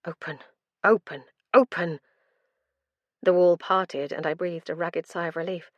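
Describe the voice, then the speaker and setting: A woman narrating a dark fantasy audiobook in the first person, with a tense, dramatic delivery. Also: medium pitch, no echo.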